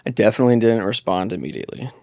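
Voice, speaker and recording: A reflective man talks as a guest in a casual podcast chat, pausing and restarting with fillers. His voice sits fairly low. The sound is dry and close, with no room echo. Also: darkish tone.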